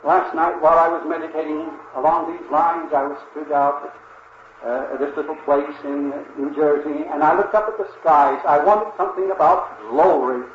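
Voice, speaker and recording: An older man preaching a sermon in an earnest, reverent manner, speaking slowly and often pausing with "uh" to address his listeners as dear friends. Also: fairly high pitch, fairly even intonation. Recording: dull roomy old recording with faint hiss.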